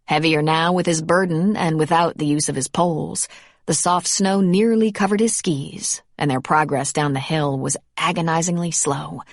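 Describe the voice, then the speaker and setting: A woman reading a romance audiobook in measured scripted narration. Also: low-pitched, steady tone, dry recording, clean studio sound.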